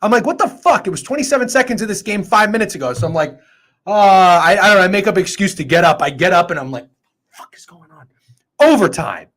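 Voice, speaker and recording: Excitable, foul-mouthed man hosting a betting show. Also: high-pitched, fast talker. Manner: excitable, profane and rambling. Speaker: sports betting show host. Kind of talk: casual sports betting chat.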